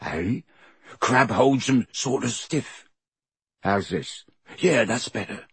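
Casual teenage schoolboy, blunt, husky low-key voice, read by a man. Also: expressive, slow, no room sound, full character voice. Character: plain-spoken teenage schoolboy.

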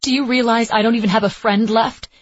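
A woman voicing a proud, wounded young woman violinist, speaking in a raised, pleading and defiant way with a husky voice. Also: fairly high pitch, steady tone, fast, no room sound, dull audio, pitched above the performer's own voice, natural voice.

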